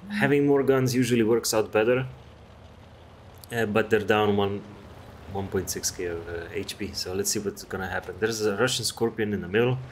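A man's voice: lowish voice, a little hiss or hum. A man casually commenting on a game replay, rambling and chatty, swearing freely. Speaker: gameplay commentator.

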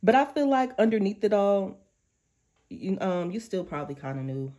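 This tarot reader has a medium-pitched voice at normal speed, doing a casual reading for viewers. Talkative and animated, she leans on slang. She keeps self-interrupting to act out what someone might be thinking, in quotes.

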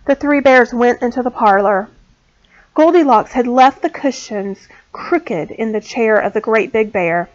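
A woman teacher reading a storybook aloud to small children, clear and expressive. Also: on the high side, measured pace. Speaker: pre-K teacher. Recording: dull lo-fi sound.

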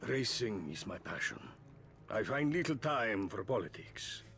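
An actor playing a composed Italian racing team owner, speaking in a calm, measured manner. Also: male voice, fairly low pitch, exaggerated voice. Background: game music.

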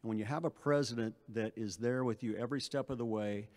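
A man's voice: mid-range voice, quick pace, darkish tone. A middle-aged man, an athletic director, speaking at a press conference, giving long thank-yous with frequent restarts and fillers.

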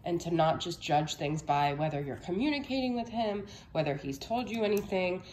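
A woman's voice: lowish voice, animated, moderate pace, darkish tone, echoey room, slight background noise. A young woman giving a casual tarot reading, a little out of breath, chatty and reassuring, often checking in with "okay?". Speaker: tarot reader.

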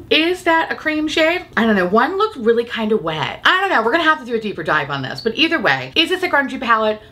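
A woman's voice: a little high, fairly quick. A woman, a beauty YouTuber, chatting casually about makeup, swearing freely and laughing often. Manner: profane, giggly, animated and opinionated.

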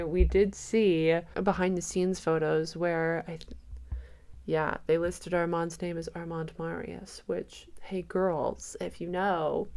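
A woman with a lowish voice gives excited reaction commentary on a trailer. She gushes and speculates aloud, breaking into gasps and squeals.

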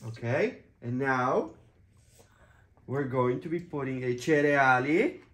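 A woman, a parent, teaching young children Italian words in a hotel room, saying each word slowly and repeating it. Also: a bass voice, expressive, roomy sound. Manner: slow, drawn-out repetition of each word. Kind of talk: children's vocabulary lesson.

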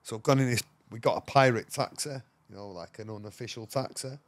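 A slightly fast, lowish male voice belongs to an English guest on a podcast who rambles through a story. His talk is casual and slangy, with frequent swearing and fillers such as "you know what I mean."

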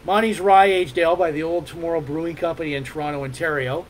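High-voiced rambling livestream host. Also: male voice, steady tone, fast, a little hiss or hum, low-quality recording. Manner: rambling, many fillers and restarts. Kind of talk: casual livestream chat.

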